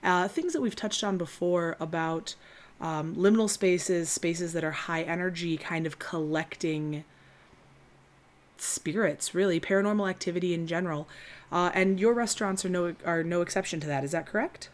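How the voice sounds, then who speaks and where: Lower-pitched woman co-host, giggly, self-deprecating casual talker. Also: normal speed. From West Michigan. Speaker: podcast co-host. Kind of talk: casual chat.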